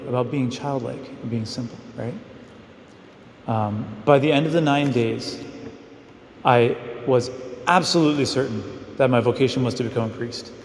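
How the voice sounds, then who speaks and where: With a medium-pitched, slightly mellow voice, a man preaches a relaxed, story-filled mission homily full of fillers, addressing the congregation conversationally. Long reverb from the echoey hall trails his speech.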